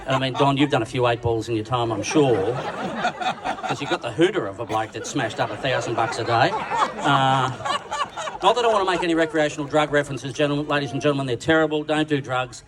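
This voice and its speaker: A loud dinner crowd laughs along as an Australian man roasts on stage in a large function room, crude, bawdy, and self-mocking. His mid-range voice is expressive and fairly quick, and the distant recording carries heavy background noise.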